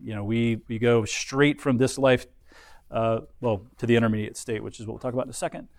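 A man gives a Bible lesson at a middle pitch, explaining step by step and often restarting his phrases. The sound is dry and close, with no room echo. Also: fairly even intonation, a little fast, a little mellow. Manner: explanatory, frequent restarts and fillers. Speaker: Bible teacher.

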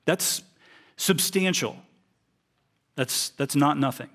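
A man's voice: on the high side, takes it slowly, fairly bright tone. A man preaching a sermon, reading a parable aloud and explaining it earnestly. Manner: earnest, reads scripture aloud then explains it.

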